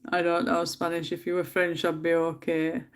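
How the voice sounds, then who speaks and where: She's an English woman running a relaxed colouring livestream from home, a little bunged up with a cold. Her fairly low, darkish voice chats away, breaks into frequent laughter and mutters as she decides on colours.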